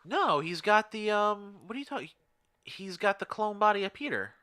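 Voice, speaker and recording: A man hosting a casual podcast chat in an animated, quick, joking way. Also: high-pitched, crowd noise. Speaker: podcast host.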